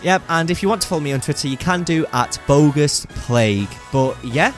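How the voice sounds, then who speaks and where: A man's voice: on the high side, expressive, brisk, soft background music. A young man co-hosting a podcast in casual, rambling chat, laughing often. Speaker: podcast co-host.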